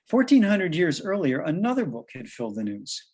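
A man's voice: on the high side, huge pitch swings, normal speed, darkish tone, slightly rough. A man giving a scripted lecture in a dramatic, wry, emphatic manner.

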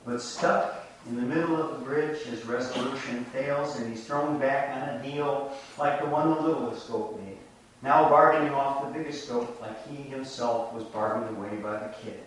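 A man with a mid-range voice preaches a reflective sermon, recounting a folk tale and drawing lessons from it in a measured storytelling manner. He is recorded from a distance in an echoey room, with slight background noise.

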